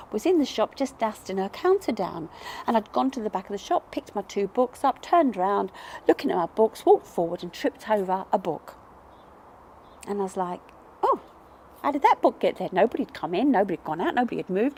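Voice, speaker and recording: A woman speaks in a slightly high, mellow voice, telling her own story to camera. She is earnest and reflective and keeps asking herself questions as she goes. Her voice sits over a faint hiss. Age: adult parent. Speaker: numerology vlogger. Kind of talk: personal storytelling.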